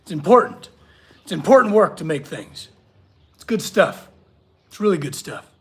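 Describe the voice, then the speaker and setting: Earnest guy with a high-pitched voice talking to his live chat from a workshop, gets all choked up. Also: big pitch swings, normal speed. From California. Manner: earnest, emotional, gushing, reads chat aloud. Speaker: livestream host, blacksmith artist. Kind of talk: casual livestream chat.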